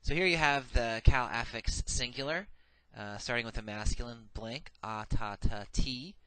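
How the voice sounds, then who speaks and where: A man's voice: medium pitch, normal speed, bright, forceful tone, clear, resonant tone, no room sound. Methodical man teaching grammar, dry sound. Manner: methodical, repeats each form twice, many "uh" fillers. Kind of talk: recorded classroom lecture.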